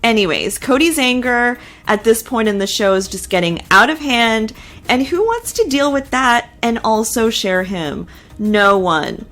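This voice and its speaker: A woman's voice: a little high, expressive, unhurried, a bit bright. A woman hosting a reality TV recap, talking casually and giving her opinions with lots of filler words.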